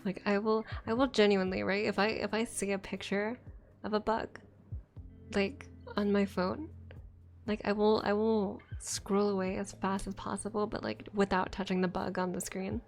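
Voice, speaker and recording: Young woman, streamer, gravelly fry, rambling casual chat, frequent swearing, faint guitar music. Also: medium pitch, level tone, normal speed. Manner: rambling, swears often, laughs between lines. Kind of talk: casual late-night stream chat, ASMR edition.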